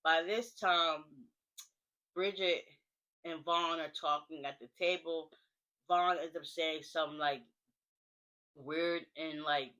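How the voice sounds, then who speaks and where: A woman's voice: deep voice, pushed and bright, lo-fi sound. A woman giving a casual spoken recap of a TV episode in a chatty, slangy way, full of fillers. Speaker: TV recap vlogger.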